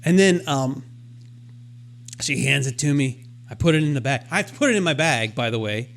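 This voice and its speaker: A man's voice: mid-range voice, expressive, normal speed, creaky, a bit bright. A man co-hosting a podcast, telling a self-deprecating story in casual chat and acting out his own thoughts as he goes. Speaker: podcast co-host.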